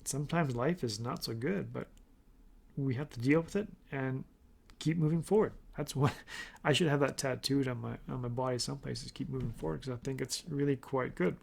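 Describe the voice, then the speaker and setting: A man's voice: mid-range voice, a little fast, vocal fry, breathy edge. A middle-aged man hosting a casual motivational podcast, talking earnestly and rambling with restarts. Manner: earnest, rambling with restarts, acts out his inner voice. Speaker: podcast host.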